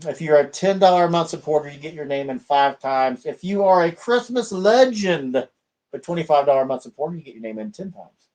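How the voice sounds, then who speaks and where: A man's voice: on the high side, a little mellow. A man hosting his own video channel, talking in a chatty, upbeat way with plenty of fillers. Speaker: channel host. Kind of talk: casual vlog chat.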